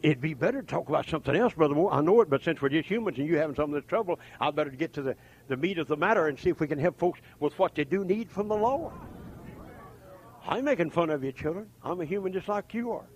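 A man preaching a folksy revival sermon, swinging from shouts to hushed asides. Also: a little high, expressive, quick pace, breathy edge.

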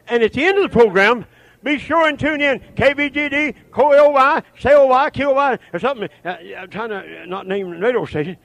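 An older man preaching a fiery revival sermon, swinging from shouted, chanting runs down to low, muttered asides. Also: lively intonation, normal speed, no echo.

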